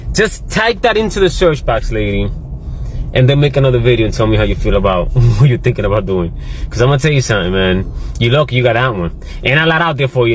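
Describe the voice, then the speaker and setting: Lively man lecturing with mocking emphasis. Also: fairly high pitch, slight background noise, rough recording. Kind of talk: response video.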